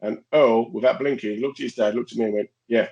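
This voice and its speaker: A man's voice: medium pitch, fast talker, highs cut off, a little hiss or hum. A man telling stories in a casual, jokey podcast chat. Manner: animated, jokey, laughs often. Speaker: podcast co-host.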